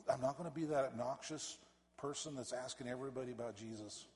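A man, a pastor, preaching a fervent sermon that swells to loud emphatic peaks and drops back low. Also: fast. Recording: reverberant church hall.

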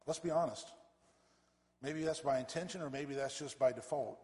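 A man, a pastor, preaching a fervent sermon that swells to loud emphatic peaks and drops back low. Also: normal speed. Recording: reverberant church hall.

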